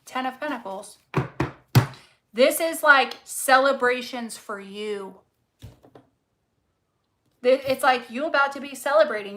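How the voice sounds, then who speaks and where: A woman's voice: high-pitched, background noise. A woman reading tarot cards casually to camera, fervent and encouraging, swearing freely and repeating words for emphasis. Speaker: tarot reader.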